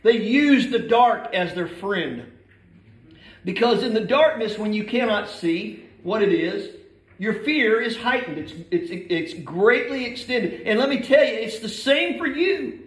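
A man's voice: sits high, lively intonation, unhurried. A middle-aged male pastor preaching a sermon in a church, emphatic and building in force as he reads scripture aloud. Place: church sanctuary. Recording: echoey church hall.

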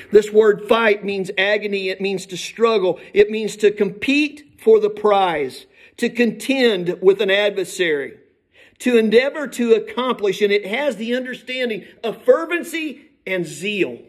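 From the pulpit of a church sanctuary, a middle-aged pastor preaches in a high voice that rings through the echoey hall. He is emphatic and a little slow, pressing each point and raising his voice with growing force as he reads scripture aloud.

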